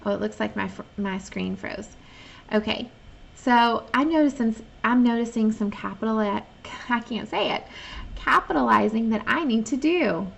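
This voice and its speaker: A woman teaching young children online, patiently thinking out loud as she checks and fixes her own writing. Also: a little high, lo-fi sound. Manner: reads sample sentences slowly and clearly.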